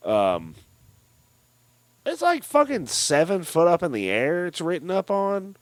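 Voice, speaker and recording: A man's voice: high-pitched, unhurried, dry recording. A man co-hosting a casual film podcast, swearing freely and acting out scenes in mocking voices. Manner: profane, animated, retells scenes in mocking voices. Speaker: podcast co-host.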